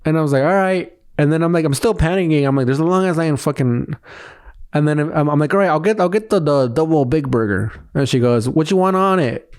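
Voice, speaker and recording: A man co-hosting a podcast, telling a story in casual chat with lively quoted dialogue and plenty of swearing. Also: on the high side, a little fast, smooth. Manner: animated storytelling, acting out quotes, frequent swearing. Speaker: podcast co-host.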